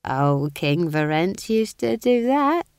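Lady doing a folksy old witch, slow drawl, chuckly and homely. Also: on the low side, big pitch swings, darkish tone, smooth, dry recording, clean studio sound, pitched above the performer's own voice, heavily acted. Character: cheerful, homely older woman witch.

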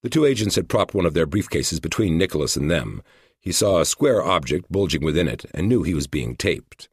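A man reading a book aloud in a measured storytelling manner. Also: low-pitched, slightly rough, no room sound, clean studio sound. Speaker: audiobook narrator. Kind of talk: scripted narration.

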